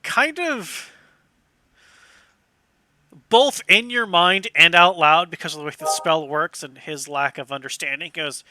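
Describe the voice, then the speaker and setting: A man's voice: fairly high pitch, a little slow, long pauses, pushed and bright, no room sound. A man narrating as game master in a tabletop game, easygoing and laughing often.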